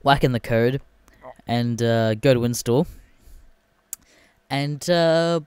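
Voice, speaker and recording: A man's voice: medium pitch, unhurried, long pauses, a little mellow, smooth, no room sound, clean studio sound. A man, hosting a podcast alone and ranting in a casual, profane, exasperated way. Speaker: podcast host. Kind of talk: casual solo rant.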